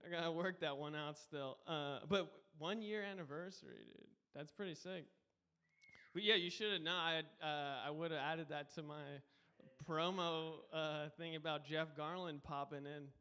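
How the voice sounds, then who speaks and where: A man's voice: a little high, moderate pace, sharp tone, smooth. A man guest hosting a live comedy show, doing a loose, rambling stand-up set. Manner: loose, rambling, says dude a lot.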